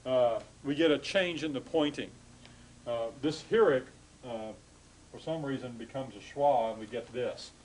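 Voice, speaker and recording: A man lecturing a class on grammar, halting and full of fillers, stopping to correct himself. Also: medium pitch, a little hiss or hum, poor audio.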